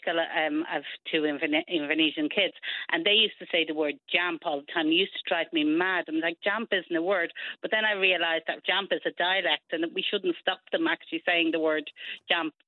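A woman's voice: fairly low pitch, steady tone, brisk, no room sound. A woman with a Dublin accent calling in to a radio show, chatty and explaining at length with plenty of ums, heard over a phone line. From Ireland. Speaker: caller.

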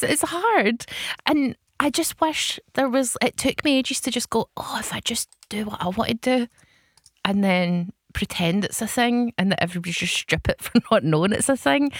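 A woman's voice: medium pitch, normal speed, dry recording, clean studio sound. A woman co-hosting a casual chat, telling self-deprecating stories with frequent laughter. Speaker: podcast co-host.

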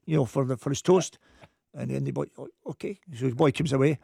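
A man's voice: mid-range voice, fast, creaky, breathy edge, no room sound, clean studio sound. A man with a Glasgow accent, a football coach telling a funny story in a casual chat. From Scotland. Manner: lively anecdotal storyteller.

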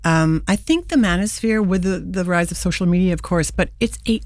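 A woman's voice: on the low side, brisk, darkish tone, no echo, clean studio sound. An older woman, an actress and playwright, speaking earnestly and reflectively in a radio interview. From United States. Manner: earnest, reflective, with frequent restarts. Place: radio studio.

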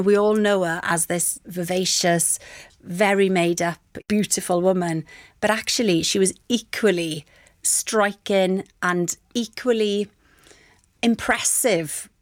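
A middle-aged woman, a guest on a show, telling a story in a lively way. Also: mid-range voice, no room sound. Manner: lively storyteller, acts out quoted voices. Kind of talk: anecdotal chat.

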